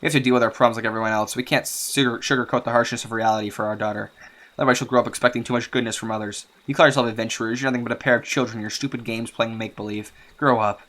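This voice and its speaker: A man's voice: medium pitch, fairly even intonation, rapid-fire, a bit bright, lightly acted. A man reading a scornful village mother. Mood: contemptuous. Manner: scolding, contemptuous.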